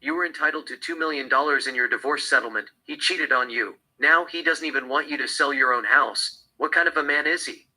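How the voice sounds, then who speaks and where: A man's voice: fairly high pitch, fairly quick, hardly any pauses, pushed and bright, rough recording. A man reading as a desperate woman in rehab.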